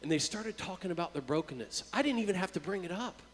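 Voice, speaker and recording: A male preacher telling a personal story in a casual, chatty sermon, his voice sitting a bit higher than most men's. He often stumbles over a repeated word before a phrase comes out. His voice rings out with a long reverb, as in a big hall. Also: expressive, fast. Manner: conversational, repeats words when starting a phrase. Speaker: youth worker and preacher.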